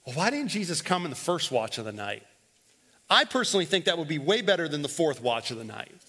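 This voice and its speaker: A man preaching from the pulpit in a high, bright voice that lingers in the long reverb of a church sanctuary. He drives his points home by repeating them, swinging between loud declarations and hushed stretches. He has the congregation repeat lines back to him. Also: sing-song, a little fast, breathy edge. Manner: repeats phrases and leads the congregation in call-and-response. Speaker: pastor. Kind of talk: sermon.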